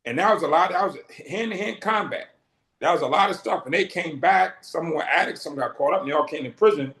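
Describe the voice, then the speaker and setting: This middle-aged Bostonian, being interviewed, tells his story like a vivid storyteller, acting out the dialogue he repeats. He speaks briskly in a voice on the high side with a fairly bright tone, and the room echoes noticeably.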